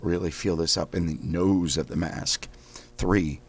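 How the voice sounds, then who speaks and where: A man hosting a guided voice exercise lesson, calmly counting through repetitions between loud, sharp drill sounds. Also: deep voice, unhurried, gravelly, breathy edge, dry recording. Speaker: host leading daily voice exercises.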